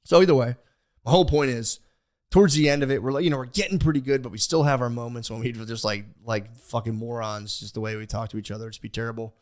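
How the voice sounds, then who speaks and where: A young man on a podcast, rambling in casual chat, animated, swearing freely and restarting his sentences. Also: medium pitch, fast talker. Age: young adult. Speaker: podcast host.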